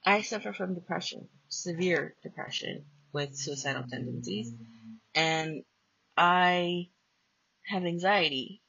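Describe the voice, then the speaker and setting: Gravelly woman telling a blunt story. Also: on the low side, takes it slowly. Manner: blunt, profane, animated storytelling. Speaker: podcast host. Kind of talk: casual storytelling. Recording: dull lo-fi dry recording.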